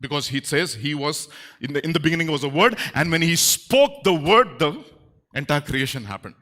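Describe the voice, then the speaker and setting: Animated pastor with bright voice. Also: male voice, a little high, moderate pace. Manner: animated, acts out quotes in playful voices. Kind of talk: sermon. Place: church.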